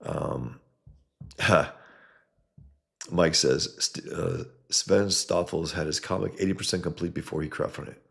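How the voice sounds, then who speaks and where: A man's voice: deep voice, unhurried, creaky, pauses often, a bit bright. A man hosting a casual livestream, reading viewer comments aloud and answering them in a blunt, rambling, sometimes profane way from a home setup. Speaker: livestream host.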